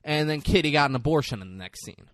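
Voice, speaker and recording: A man's voice: on the high side, lively intonation, quick pace, a bit bright, no room sound, clean studio sound. A man casually recapping a movie on a podcast, crude and mocking, acting out the characters' lines. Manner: crude, mocking retelling with quoted voices. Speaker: podcast co-host.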